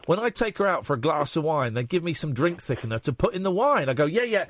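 A man's voice: a little high, big pitch swings, quick pace, no echo. A man hosting a late-night radio phone-in, chatty and jokey, talking frankly with callers.

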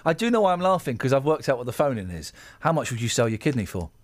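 A man hosting a casual radio show, joking and excitable, quick to exclaim in a studio. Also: medium pitch, dry recording. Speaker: radio host. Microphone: studio microphone.

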